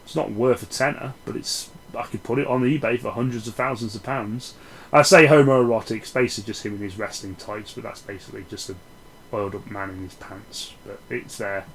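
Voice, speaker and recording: A man talking through a film review in a loose, unscripted way. He rambles, stumbles and restarts his sentences, and keeps it sarcastic with plenty of swearing. His voice sits at an everyday middle pitch. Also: fairly quick, breathy edge, rough recording. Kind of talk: casual spoken film review.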